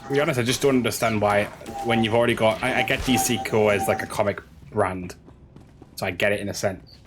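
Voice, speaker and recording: A man's voice: fairly low pitch, fairly even intonation, quick pace, noisy background. A man streaming a game, chatting casually with his chat, stumbling over and repeating words as he rambles and swears now and then.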